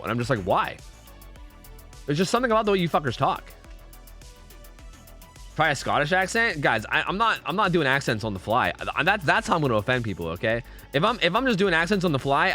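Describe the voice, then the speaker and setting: A man's voice: on the high side, big pitch swings, fast, bright, forceful tone, soft background music. A young man streaming a game, talking casually and rambling with his viewers, swearing freely.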